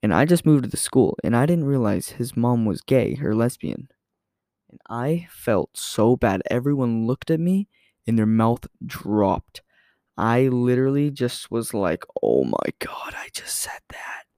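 A man's voice: mid-range voice, expressive, unhurried, warm tone, no echo. Young male podcaster, rambling casual storyteller, dry recording. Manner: rambling, filler-heavy, self-correcting. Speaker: podcast host.

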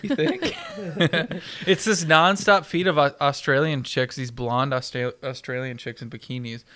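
A man's voice: mid-range voice, fairly even intonation, normal speed, pushed and bright. A man co-hosting a podcast, joking and teasing in casual chat. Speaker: podcast co-host.

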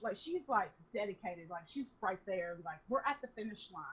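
A young woman casually telling an animated story to a friend, swearing freely. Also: mid-range voice, normal speed, slightly rough. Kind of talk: casual chat. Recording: dull lo-fi recording.

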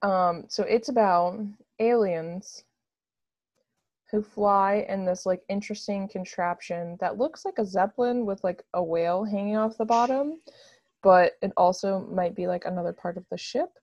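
A woman's voice: mid-range voice, moderate pace, a little mellow, no echo, dull audio. A woman chatting casually and gushing enthusiastically, with lots of "like" fillers. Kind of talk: casual chat.

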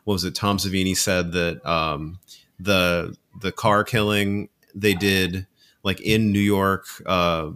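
A man with a very deep voice taking part in a casual podcast chat. He recalls film facts hesitantly, filling his pauses with ums. He speaks at an even, unhurried pace. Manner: thoughtful, hesitant, searching with ums.

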